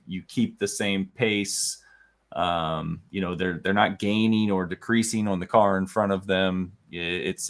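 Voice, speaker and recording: Man, low voice, relaxed rambling co-host, casual chat. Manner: relaxed, rambling, laughs easily.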